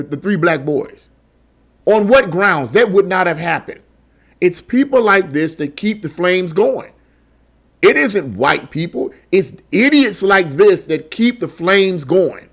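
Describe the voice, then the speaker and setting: Reacting angrily to a news article, this male online political commentator keeps throwing out rhetorical questions and tripping over repeated words. His voice sits high and sounds fairly bright.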